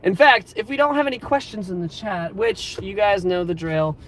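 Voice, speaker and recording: A man's voice: sits high, normal speed, a bit bright, slight background noise. Upbeat twenty-something guy, live-streaming from the driver's seat; chatty and loose, full of ums. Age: 20s. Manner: rambling and upbeat, many fillers. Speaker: livestream host. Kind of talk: casual live stream chat. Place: inside his car.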